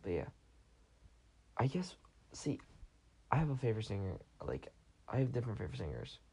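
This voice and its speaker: A tired young man rambles casually through his podcast, stumbling and correcting himself as he goes. His voice is low, gravelly and husky, with a dark, mellow tone. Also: big pitch swings, very fast. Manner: chatty, rambling, self-correcting. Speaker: podcast host.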